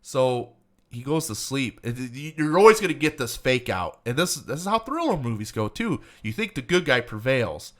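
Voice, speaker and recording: A man chatting casually as a podcast co-host, swearing freely as he retells a film scene by scene. His pitch jumps all over the place and his tone is bright and forceful. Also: normal speed. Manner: animated, swearing, acts out movie lines. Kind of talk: casual movie review chat.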